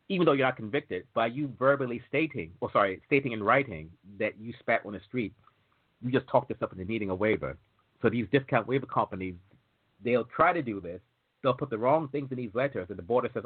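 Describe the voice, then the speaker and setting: A man's voice: lowish voice, brisk, breathy edge. A man hosting a casual talk show about entry waivers, chatty and digressive, acting out quoted exchanges as he explains. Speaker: waiver consultant host. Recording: tinny phone-like audio.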